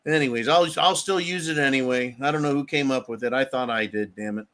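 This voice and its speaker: A man's voice: mid-range voice, brisk, fairly bright tone. A man from the United States hosting a live show, ranting bluntly and profanely in a rambling, casual way. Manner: reads viewer messages aloud. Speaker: livestream show host. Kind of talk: casual livestream rant.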